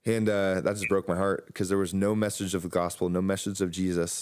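A man's voice: sits low, little pitch movement, a little fast, darkish tone, clean tone, dry recording, studio quality. A young man telling a story in a casual religious chat, rambling with fillers and restarts.

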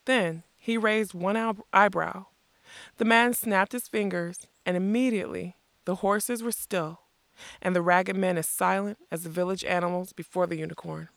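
A narrator reading a fantasy story aloud in a steady, measured way. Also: medium pitch, creaky, no room sound. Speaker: audiobook narrator.

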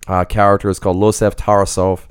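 Low smooth-voiced guy rambling thru a movie recap, lots of "you know", dry close sound. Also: flat delivery, a little fast, no echo. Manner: rambling, filler-heavy storytelling. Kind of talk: casual movie recap chat.

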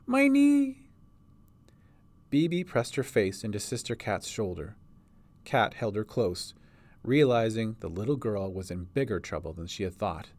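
A man's voice: on the low side, animated, moderate pace, a little mellow. A man narrating a storybook reading as its writer and producer.

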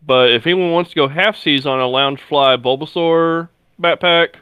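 A man's voice: fairly high pitch, normal speed, clean tone, no room sound, dull audio. A man chatting casually on a podcast panel, hesitant and full of fillers. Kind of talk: casual chat.

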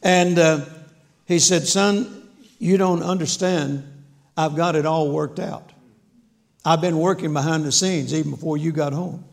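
A man's voice: on the high side, steady tone, measured pace, vocal fry. A man preaching a sermon, telling a story with folksy humor and acting out the dialogue. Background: audience laughter.

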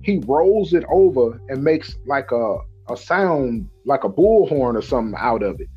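Man, casual storytelling, animated, husky, dull audio. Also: mid-range voice, moderate pace, faint music behind. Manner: animated, acts out other people's lines in a raised voice. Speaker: podcast host.

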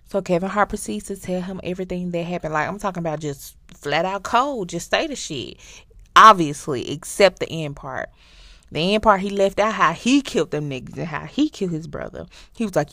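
A woman hosting a podcast, casually recapping a show in an animated, slangy way and talking straight to her listeners. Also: lowish voice, fairly quick, dry recording, clean studio sound. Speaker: podcast host.

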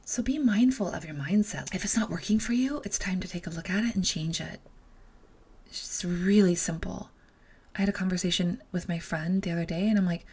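Breathy woman giving blunt pep talk. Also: on the low side, brisk, darkish tone. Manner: blunt, swears freely, emphatic repetition. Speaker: podcast host and life coach. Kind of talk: solo motivational podcast talk.

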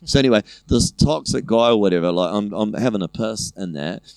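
A comedian in his thirties with a New Zealand accent rants through a story bluntly, swearing freely. He talks fast in a low voice that swings widely in pitch, on a dry, close recording. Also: lively intonation, creaky, smooth, no room sound. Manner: blunt, profane, ranting. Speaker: comedian guest. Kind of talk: casual podcast storytelling.

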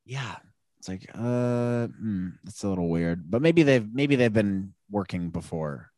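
A young man co-hosting a casual chat, joking and animated. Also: lowish voice, a little slow, no room sound, clean studio sound. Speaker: podcast co-host.

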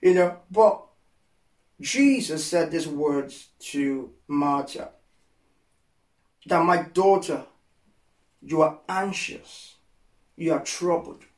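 A male preacher with a fairly high voice delivers an impassioned sermon. He repeats phrases for emphasis and moves between hushed comfort and loud pleading. The sound is roomy and echoey, picked up from some way off the mic. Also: expressive, slow pace, long pauses, recorded from a distance.

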